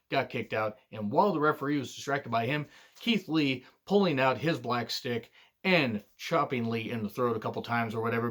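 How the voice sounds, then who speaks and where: A man's voice: mid-range voice, a bit bright. A man reviewing a wrestling show in a casual monologue, blunt and profane, drifting into digressions with lots of fillers.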